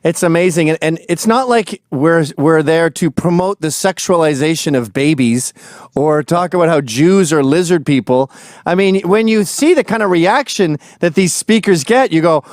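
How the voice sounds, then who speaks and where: A man's voice: fairly high pitch, moderate pace, darkish tone, no room sound. Wry man hosting with a dry sound. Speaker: host. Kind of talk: casual interview chat.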